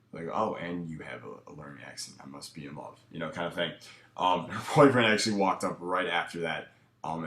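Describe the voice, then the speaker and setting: A dating coach with a low, fairly bright voice casually breaks down footage in an echoey room. His way of talking is laid-back and full of fillers.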